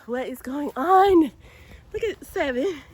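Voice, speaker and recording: Filming herself on a handheld phone in a snowy parking lot, a woman from Georgia in the US vlogs casually, chatting and laughing. She sounds cold and a bit out of breath, with a high, animated, darkish voice and a slow pace.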